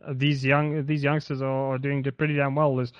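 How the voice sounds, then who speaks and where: A man from South Africa co-hosting a casual esports podcast, talking in halting bursts with teasing asides. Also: mid-range voice, level tone, highs cut off. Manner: halting, many fillers and restarts, teasing. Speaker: podcast co-host.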